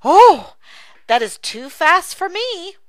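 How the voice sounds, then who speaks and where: A woman voicing an excited little child in a read-aloud dialogue, with squealing delight. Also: very high voice, slow, no echo, studio quality, pitched above the performer's own voice, full character voice.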